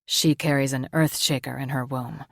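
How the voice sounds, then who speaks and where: A woman voicing a young male shapeshifter in an audiobook, pitching her voice down and speaking firmly. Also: steady tone, normal speed, vocal fry, no echo, studio quality, full character voice. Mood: urgent. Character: young eager male shifter, commanding.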